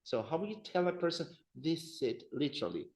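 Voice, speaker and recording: A man's voice: on the high side, big pitch swings, brisk, darkish tone, echoey room, poor audio. A man teaching a language class, patiently repeating phrases for his students to drill. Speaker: Spanish teacher.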